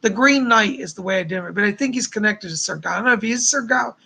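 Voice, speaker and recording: A man's voice: high voice, racing, creaky, pushed and bright. A man hosting a live stream of psychic readings, chatty and effusive, reading out viewers' messages and showering them with thanks and blessings. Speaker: psychic host.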